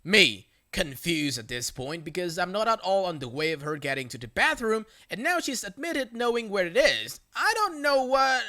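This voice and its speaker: A story narrator reading online stories aloud in an expressive way, adding brief sarcastic asides. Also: mid-range voice, moderate pace, few pauses.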